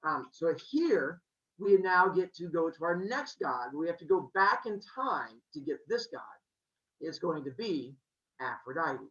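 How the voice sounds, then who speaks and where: A male teacher telling myths to a classroom as an animated, joking storyteller who quizzes his students. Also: fairly high pitch, unhurried, echoey room. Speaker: middle school teacher. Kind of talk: classroom lesson on mythology. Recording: dull lo-fi classroom recording.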